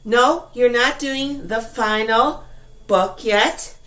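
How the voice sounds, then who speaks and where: Slow, high-voiced encouraging woman teacher. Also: sharp tone. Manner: slow, clearly enunciated, encouraging. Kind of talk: online class instruction for English learners.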